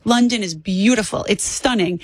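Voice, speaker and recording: A woman in her twenties, a guest on a political talk show, speaking fast and emphatically with strong opinions. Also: medium pitch, no room sound. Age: 20s.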